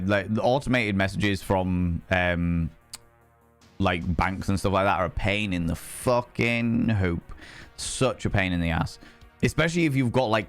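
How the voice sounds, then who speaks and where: A male streamer with a Yorkshire accent chats loosely with his audience, swearing freely and laughing often. His voice sits on the low side for a man. Faint music plays underneath. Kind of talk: casual live-stream chat.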